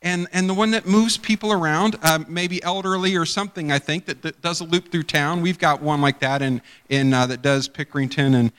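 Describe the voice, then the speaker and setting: A pastor preaches in a church sanctuary, his fairly high voice steady, bright and smooth, moving a little fast with few pauses. His sermon rambles conversationally as he acts out the people in his stories, and a long hall reverb trails every word.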